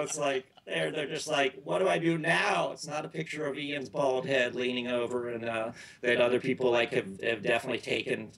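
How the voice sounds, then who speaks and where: A man's voice: mid-range voice, a bit bright, poor audio. A middle-aged man as an interview guest, telling loose, rambling stories in casual chat and often restarting his sentences.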